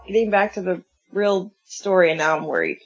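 A woman's voice: fairly low pitch, animated, brisk, husky. A woman calling into a casual podcast by phone, talking in a worried, complaining way with emphatic questions. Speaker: podcast co-host on a call. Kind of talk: casual chat. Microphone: phone on a call. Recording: muffled phone call.

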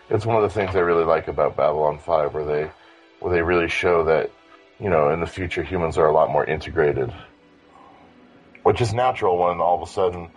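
A man in a casual fan discussion, talking with enthusiasm and rambling through many restarts. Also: low voice.

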